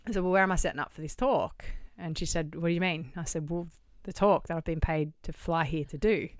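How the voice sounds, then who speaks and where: A middle-aged Australian woman with a low, smooth voice tells a story as a podcast guest. She acts out each bit of dialogue and swears casually. The sound is dry and close. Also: fairly quick, few pauses, no room sound. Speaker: guest, charity founder. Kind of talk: conversational storytelling. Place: podcast studio.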